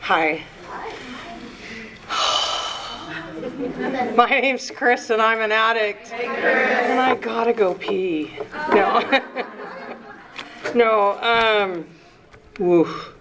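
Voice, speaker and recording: A woman in her sixties sharing her recovery story at a meeting, nervous and emotional, halting and starting over, with the odd curse. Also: fairly high pitch, background noise. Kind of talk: personal recovery share.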